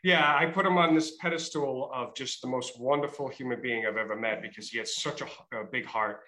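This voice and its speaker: Bright-voiced trooper with a New England accent. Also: male voice, mid-range voice, fairly quick, reverberant, rough recording. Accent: Massachusetts and Rhode Island. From Massachusetts. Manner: chatty storyteller, many fillers and restarts. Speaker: state trooper, interview guest. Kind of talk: casual interview.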